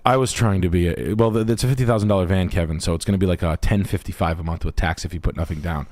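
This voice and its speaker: A man's voice: deep voice, fast talker, a little mellow. A man hosting a livestream, talking in a brash, profane, rambling way. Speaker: realtor and livestream host. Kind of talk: crude casual stream chat.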